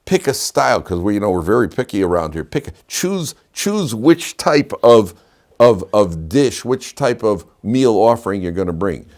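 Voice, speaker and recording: An older man teaches a relaxed Torah class in a very low voice. He wanders into stories and restarts his sentences often, like a chatty lecturer. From Chicago. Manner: chatty, digressive storyteller with frequent restarts. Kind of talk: informal Torah class with anecdotes.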